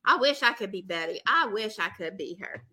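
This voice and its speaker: A woman co-hosting a casual chat, animated and often laughing as she talks. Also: mid-range voice, brisk, slightly rough. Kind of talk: casual chat recapping reality TV.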